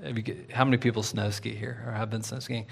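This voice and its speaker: A man preaching a sermon in a casual, conversational way, full of fillers and "right?", swinging from loud and lively to quiet. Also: on the low side, fairly quick, vocal fry, slightly rough. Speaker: pastor.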